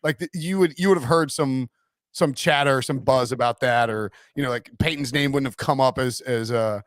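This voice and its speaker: A man hosting a casual sports podcast, chatty and quick to laugh as he talks. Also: mid-range voice, no echo, studio quality. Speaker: podcast host.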